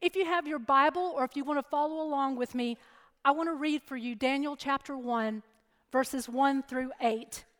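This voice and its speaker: A middle-aged woman preacher giving a sermon and telling a personal story in a lively, chatty way. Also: high voice, normal speed. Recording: long hall reverb.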